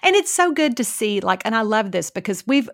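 A woman's voice: fairly high pitch, big pitch swings, brisk. A woman co-hosting a podcast, telling stories in casual chat with lots of "like" and "so.". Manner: warm storytelling, many fillers like "like" and "so". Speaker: podcast co-host.

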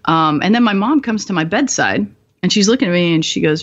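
A young woman guest in her twenties, telling dark stories bluntly and profanely, often laughing, in a slightly muffled recording. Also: medium pitch, expressive, fast. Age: 20s. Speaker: guest, former bomb disposal technician. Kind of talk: candid storytelling interview.

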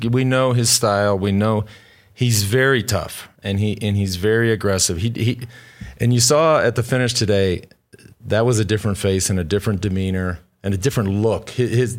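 A man co-hosting a casual cycling podcast, a former pro rider who talks bluntly, swears freely and rambles through restarts. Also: lowish voice. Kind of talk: casual chat.

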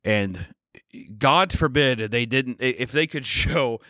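Animated, joking young man from the American Midwest. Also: medium pitch, takes it slowly, no echo. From Kansas City, US. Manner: jokey, animated, profane, riffing in bits. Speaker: podcast co-host. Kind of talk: casual podcast chat.

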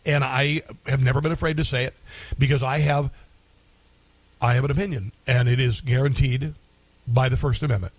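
A man's voice: mid-range voice, steady tone, normal speed, pauses often, no echo. A middle-aged man hosting a talk radio show, delivering an opinionated monologue in a combative, indignant tone and repeating phrases for emphasis.

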